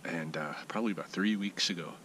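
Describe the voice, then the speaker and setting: A man's voice: deep voice, quick pace, bright, forceful tone, poor audio. A man giving a casual weekly vlog update outdoors in his backyard, thinking aloud with plenty of fillers and restarts. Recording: outdoor ambient noise behind the voice.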